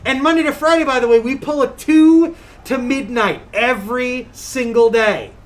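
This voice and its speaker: A woman from Long Island co-hosting a casual gaming podcast, animated and jokey, laughing often. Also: high-pitched, normal speed. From Long Island, New York. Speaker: podcast co-host. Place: streaming setup.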